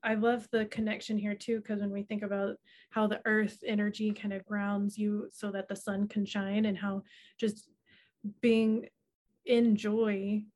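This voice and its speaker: Calm, flat-toned woman co-host. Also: medium pitch, unhurried. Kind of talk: casual chat.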